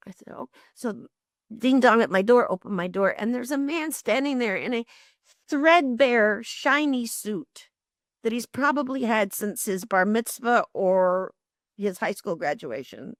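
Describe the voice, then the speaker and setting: Older woman guest, expressive and lively anecdote teller, fairly high voice, dry recording. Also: a little slow, no echo. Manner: lively, expressive storyteller, laughs often. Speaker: interview guest. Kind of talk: animated storytelling.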